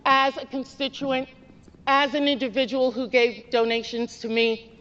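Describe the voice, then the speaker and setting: A woman politician giving a firm, measured formal statement in a legislative chamber. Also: sits high, level tone, fairly bright tone, big-room sound, muffled recording.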